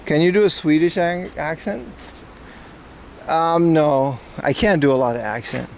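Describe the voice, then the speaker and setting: A man's voice: fairly high pitch, a little slow, gravelly, a little hiss or hum. Chatty man streaming outdoors. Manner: rambling, chatty, talks to his chat. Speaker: livestream host. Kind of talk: casual livestream chat while walking. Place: outdoors on streets and at a shrine in hot weather.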